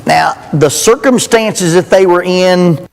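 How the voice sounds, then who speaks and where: A man preaches to a youth rally, telling stories with a folksy, joking delivery. His voice sits a little high for a man. A long reverb trails each phrase through the church hall. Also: takes it slowly, gravelly. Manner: folksy, joking, animated storytelling. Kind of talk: storytelling sermon.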